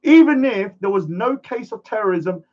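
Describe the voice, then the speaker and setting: A man's voice: high voice, expressive, moderate pace, darkish tone, highs cut off. A man ranting defiantly to camera, acting out pleading voices as he goes. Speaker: vlogger.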